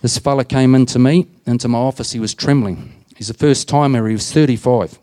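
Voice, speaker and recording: Warm-voiced Australian prison chaplain. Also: male voice, medium pitch, brisk. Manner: plain-spoken, anecdotal, retells conversations with "I says". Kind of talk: storytelling talk to a group.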